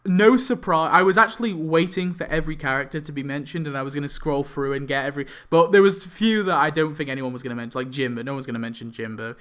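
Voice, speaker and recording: A young man ranting to his viewers in a casual vlog. His voice sits a little high and sounds bright and tense. He talks in an exasperated way, swears freely and stumbles through ums and restarts. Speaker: YouTuber.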